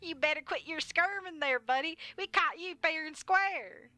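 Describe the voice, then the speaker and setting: A woman doing a loud folksy sheriff. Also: very high-pitched, normal speed, no echo, pitched above the performer's own voice. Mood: stern. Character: loud, cheerful small-town sheriff man.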